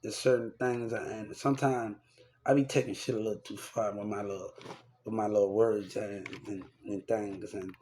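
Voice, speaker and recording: A man's voice: lowish voice, fairly even intonation, normal speed, warm tone, slight background noise. A young man talking in a rambling, repetitive and profane way, venting about people in his life in a casual rant to camera. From Texas.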